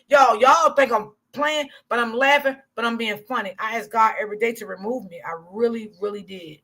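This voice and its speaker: A woman's voice: on the high side, a little fast, few pauses, a bit bright. A woman hosting a casual livestream, talking candidly to her chat, swearing freely and laughing often. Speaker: livestream commentary host.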